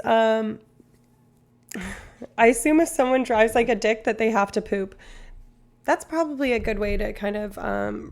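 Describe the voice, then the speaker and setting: A woman's voice: a little high, vocal fry. A woman streamer in rambling, casual live-stream chat, swearing now and then.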